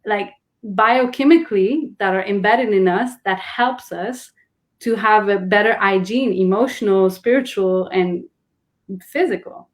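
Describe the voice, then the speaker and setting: A woman talks earnestly in a casual conversation. She explains slowly, starts sentences over and searches for words. Her voice sits at a medium pitch. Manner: earnest, explains with many restarts and fillers. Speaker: guest.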